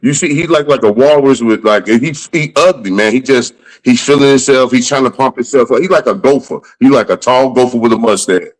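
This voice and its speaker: A man's voice: mid-range voice, a little fast, few pauses, low-quality recording. A comedian guest on a podcast, a man telling blunt, profane stories in casual chat.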